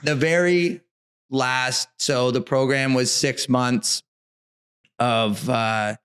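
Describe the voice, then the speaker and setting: A man in the guest seat, spinning a casual story with animated energy. He rambles and sprinkles "like" everywhere. His voice sits at an ordinary middle pitch for a man. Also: drawn-out words, clear, resonant tone. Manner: animated, rambling, frequent "like" fillers. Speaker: brewery co-founder, guest.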